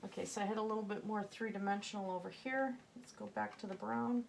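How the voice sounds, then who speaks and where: A woman's voice: medium pitch, fairly even intonation, fast, creaky, slight background noise. A woman with a slight Southern US accent, giving a chatty painting tutorial and thinking aloud as she works, sometimes dropping to a murmur. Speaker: painting instructor.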